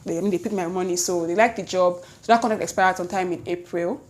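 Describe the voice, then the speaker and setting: A young woman with a Nigerian accent, telling a story in a lively, chatty way to her vlog audience. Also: fairly low pitch. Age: young adult. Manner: lively, chatty, quick self-corrections, Nigerian slang interjections. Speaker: vlogger. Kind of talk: casual storytelling to camera.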